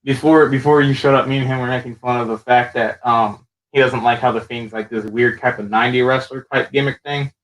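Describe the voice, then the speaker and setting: A man's voice: medium pitch, a little fast, hardly any pauses, rough recording. Rambling man recapping wrestling casually. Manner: rambling, animated storytelling with restarts. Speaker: show host.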